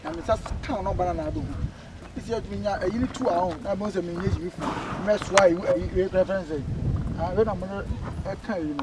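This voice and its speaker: A man with a Ghanaian accent playing a lovesick young man pleading with his girlfriend, stammering out excited exclamations. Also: sits high, normal speed. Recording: distant mic, loud street noise.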